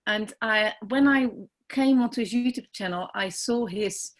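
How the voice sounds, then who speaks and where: A Dutch woman with a Dutch accent, introducing herself on a video call, soft and hesitant, tearful and emotional. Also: on the high side. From Netherlands. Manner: soft, hesitant, halting with many ums. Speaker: team member on a group call.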